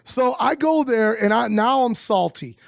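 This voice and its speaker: A middle-aged man, telling a story as an interview guest, animated and swearing as he acts out quotes. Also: very high voice, a little slow, gravelly, no echo. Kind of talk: casual storytelling.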